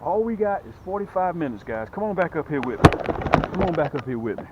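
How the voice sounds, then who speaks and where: A man hosting a fishing vlog from a boat outdoors, chatty and excited, talking straight to his viewers. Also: on the high side, fast. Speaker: fishing channel host. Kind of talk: casual fishing vlog commentary. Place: on a small boat outdoors on a lake. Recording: dull lo-fi outdoor audio with faint noise.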